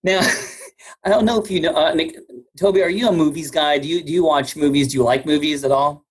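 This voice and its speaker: A man's voice: on the high side, fairly even intonation, fairly quick, slightly rough. A man hosting a podcast interview in a jovial, casual way, laughing often and stumbling over his words. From United States. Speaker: podcast host.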